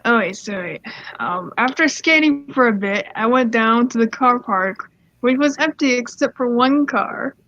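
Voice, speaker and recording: Young woman reading internet stories, high voice, giggly and rambly, dull dry lo-fi mic. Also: expressive, measured pace, a bit bright, no echo. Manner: giggly and rambling, with frequent laughs and side comments. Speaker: story reader. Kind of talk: casual reading aloud of online stories.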